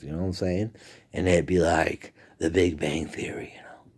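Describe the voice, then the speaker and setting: A man's voice: extremely low pitch, steady tone, moderate pace, a little mellow, breathy edge. A man talking in a rambling, profane monologue that often drops to a whisper. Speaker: vlogger.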